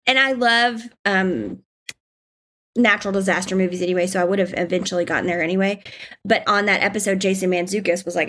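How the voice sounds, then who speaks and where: Woman from Georgia, podcast co-host, chatty, mid-pitched. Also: a little fast, fairly bright tone. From South Georgia, US. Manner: chatty, with filler ums. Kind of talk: casual movie podcast chat.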